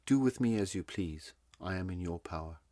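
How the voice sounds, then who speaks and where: A man's voice: sits low, animated, normal speed, mellow, no room sound, clean studio sound. A man reading a story, voicing a weary, resigned old male prisoner.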